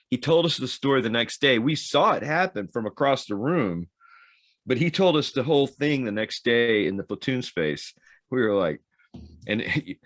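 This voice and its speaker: A man's voice: mid-range voice, a bit bright, dry recording, studio quality. A man co-hosting a podcast, telling rambling anecdotes with restarts and laughs. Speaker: podcast co-host, former Navy SEAL. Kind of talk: casual storytelling chat.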